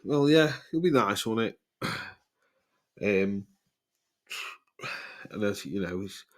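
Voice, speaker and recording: A man's voice: fairly low pitch, expressive, takes it slowly. A man, telling rambling podcast stories full of swearing and laughter. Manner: rambling, swears a lot, laughs mid-sentence. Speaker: podcast host. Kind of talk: casual storytelling.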